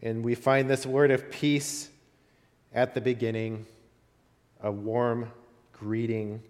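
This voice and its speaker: A man's voice: medium pitch, level tone, takes it slowly, a little mellow. Male pastor delivering a sermon with storytelling emphasis, mid-range voice, recorded with a long echoing reverb.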